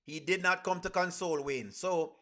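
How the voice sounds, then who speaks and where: A man's voice: high-pitched, normal speed, pushed and bright. A man with a Jamaican accent giving casual live reaction commentary. He throws rhetorical questions at his chat and uses creole grammar. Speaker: reaction streamer.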